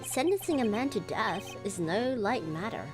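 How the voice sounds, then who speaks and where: A woman voicing a stern older police chief in a game, reading his lines in a measured, lecturing way over background music. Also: medium pitch, big pitch swings, close to an everyday voice.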